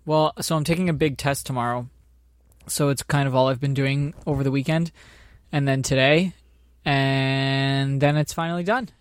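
A man's voice: medium pitch, fairly even intonation, moderate pace, smooth, dry recording, studio quality. A man in casual chat, explaining things in a loose, rambling way. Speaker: co-host.

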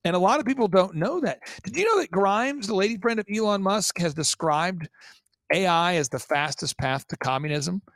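A man guesting on a talk show, speaking emphatically with rapid rhetorical questions and repeated words. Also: sits high, expressive, fairly bright tone, no room sound, studio quality. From Oklahoma. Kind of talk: conspiracy talk-show commentary.

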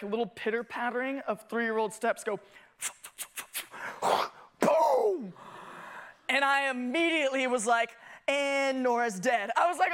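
Bright-voiced animated preacher man. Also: sits high, clean tone. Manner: animated, self-mocking, acts out scenes. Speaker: family discipleship pastor. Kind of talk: sermon with personal storytelling.

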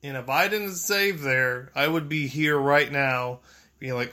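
A man giving profane, excitable let's play commentary, muttering to himself and yelling when he panics. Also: mid-range voice, a little slow. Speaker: gameplay streamer.

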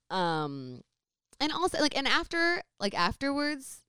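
A woman's voice: medium pitch, normal speed, clean tone, no echo, studio quality. Rambling young woman telling a story. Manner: rambling, filler-heavy, animated retelling. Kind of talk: casual storytelling.

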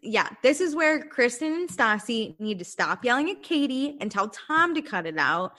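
A woman co-hosting a casual chat, recapping a reality show and acting out the cast's lines. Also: on the high side. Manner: animated, acts out quotes in quick bursts. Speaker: recap podcast co-host.

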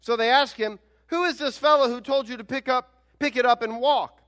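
A male pastor preaching a sermon in an animated, conversational way, with emphatic rhetorical questions. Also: very high voice, normal speed.

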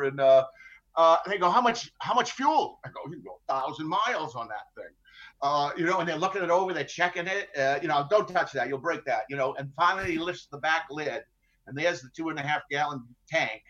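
A man's voice: a little high, fairly bright tone. A middle-aged ship captain telling his hostage story in a matter-of-fact way with dry humor, full of fillers and restarts. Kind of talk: conversational storytelling interview. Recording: dull lo-fi sound.

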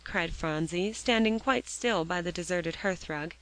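A woman reading a children's novel aloud in steady storybook narration. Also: on the low side, measured pace, hardly any pauses, no room sound, low-quality recording. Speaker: audiobook reader.

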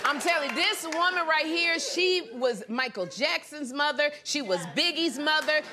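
A woman talk show host doing a comedic monologue on the news, animated and laughing, slipping into squeaky high impressions. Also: moderate pace. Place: television studio with live audience. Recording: studio audience cheering and noise behind.

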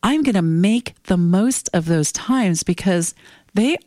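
A woman's voice: mid-range voice, lively intonation, slow pace, darkish tone, no echo, studio quality. Blunt, candid woman in her fifties. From United States. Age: 50s. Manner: blunt, candid and emotional, swears casually. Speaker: podcast host. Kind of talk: casual solo monologue.

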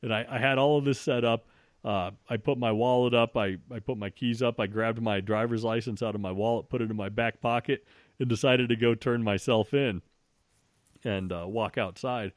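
A man's voice: medium pitch, normal speed, no echo, clean studio sound. A man casually telling a story, swearing freely and restarting his sentences as he goes. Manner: swears freely, frequent restarts, animated retelling.

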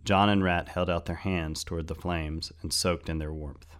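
A man narrating a fantasy story in a steady, measured audiobook style. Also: deep voice.

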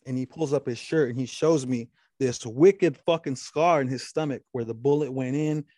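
A man's voice: moderate pace, warm tone, no echo, clean studio sound. A man telling a long story in casual chat, with lots of swearing and restarts. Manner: rambling storytelling with frequent profanity and restarts; quotes the other man at length in a low voice.

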